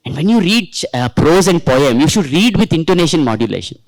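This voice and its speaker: A man with an Indian accent leading a teachers' workshop, talking in an animated, coaxing way and drawing in the participants, into a handheld mic. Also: on the high side, brisk, no room sound, low-quality recording. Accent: Indian English. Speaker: teacher trainer. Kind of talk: workshop lecture. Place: training workshop room.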